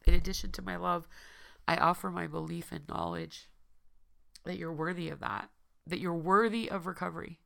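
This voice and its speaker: A woman with a low, heavily gravelly voice, hoarse and tearful. She speaks earnestly to her listeners as a podcast host and recovery coach, repeating phrases over and over for emphasis. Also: a bit bright. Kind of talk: heartfelt personal address to listeners.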